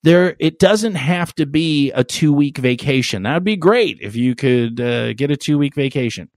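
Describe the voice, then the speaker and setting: A man's voice: fairly high pitch, expressive, moderate pace, no echo, studio quality. A man hosting a podcast in casual chat, crude, rambling and joking. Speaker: podcast host.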